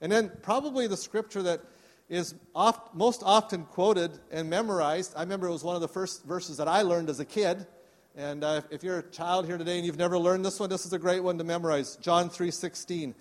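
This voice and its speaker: A man's voice: high voice, brisk. A man preaching a sermon to his congregation, earnest and inviting them to respond. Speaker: pastor. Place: church service. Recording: long reverb of a church hall.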